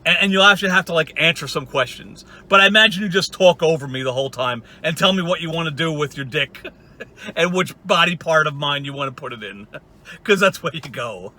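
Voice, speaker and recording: A man rants straight to camera in a mocking, profane vlog monologue and keeps breaking into laughter. His voice sits high with a sharp, tense brightness. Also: expressive, a little fast, a little hiss or hum. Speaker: online video creator.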